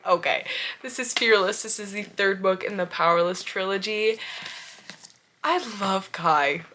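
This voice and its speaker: A woman's voice: mid-range voice, a bit bright, a little hiss or hum. Gushing young woman book vlogger. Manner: gushing, repeats phrases for emphasis. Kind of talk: casual book review chat.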